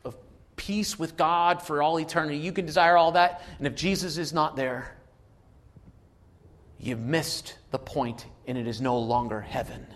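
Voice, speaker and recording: A man preaching a sermon without notes, moving between quiet asides and loud emphatic calls. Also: on the high side, moderate pace. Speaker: pastor.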